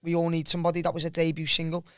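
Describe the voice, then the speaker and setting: A Scouse man with a fairly high voice talks loosely on a podcast, swearing freely and calling everyone "lad". The sound is dry and close, with no room behind him. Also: completely flat delivery, very fast, smooth, no room sound. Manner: loose, sweary, peppers talk with "lad" and "you know what I mean". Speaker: musician and comedian guest. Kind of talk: casual podcast chat.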